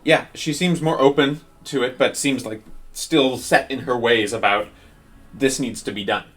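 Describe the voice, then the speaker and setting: A man narrating as game master of a tabletop role-playing game, calm and unhurried. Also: mid-range voice.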